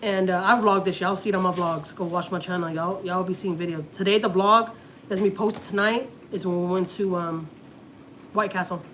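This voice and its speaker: A woman's voice: lowish voice, fairly even intonation, brisk, noisy background. A woman from Texas, chatting casually on a family vlog live stream and telling a long story, repeating herself often. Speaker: family vlogger.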